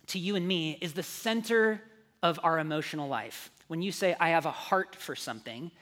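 A male pastor preaching a sermon in a conversational way, moving from hushed, soft passages to animated, louder ones. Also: a little high. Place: church sanctuary. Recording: long reverb of a large hall.

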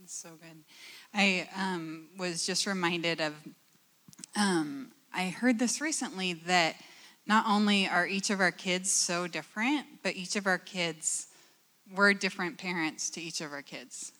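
A woman's voice: lowish voice, a little slow, sharp tone. A woman in her forties speaking reflectively and searching for words as a guest in a church panel conversation.

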